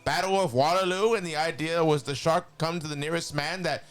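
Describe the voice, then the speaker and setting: A man's voice: on the high side, fairly even intonation, fairly quick, a bit bright, voice pushed up, natural voice. A man voicing Skeletor, an evil skeletal sorcerer, reading a long dramatic monologue in a nasal, sneering voice. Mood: menacing. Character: evil skeletal male sorcerer, cackling villain.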